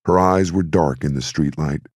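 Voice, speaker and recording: A man narrating an audiobook in a steady, measured way. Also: extremely low pitch, husky, no echo, studio quality. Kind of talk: scripted narration.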